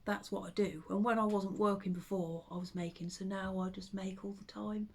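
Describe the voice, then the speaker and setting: A woman chatting casually to camera at home, rambling with hesitant ums and soft under-breath asides. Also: medium pitch, fairly even intonation, fairly quick, husky. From United Kingdom. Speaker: vlogger and full-time teddy bear maker.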